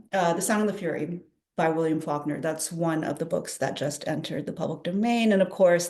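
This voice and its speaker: Enthusiastic woman giving a talk. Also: lowish voice. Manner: animated, enthusiastic, with frequent fillers. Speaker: presenter at a public domain celebration. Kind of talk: presentation talk.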